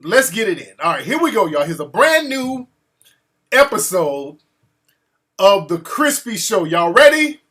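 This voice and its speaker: Male live-stream host, high and bright, casual slang, pushing the show forward. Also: measured pace. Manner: relaxed street slang, urging the show along.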